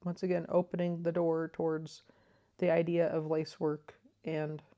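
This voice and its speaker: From her living room, a woman hosting a crochet vlog explains things in a low voice with little pitch movement, at a normal speed. Her manner is soft-spoken, thoughtful and enthusiastic, peppered with ums.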